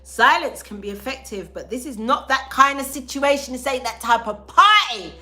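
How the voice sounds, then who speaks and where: A young woman giving a live tarot reading to viewers, loud, profane and animated, with a sore throat. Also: high voice, moderate pace, faint music behind. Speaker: tarot reader.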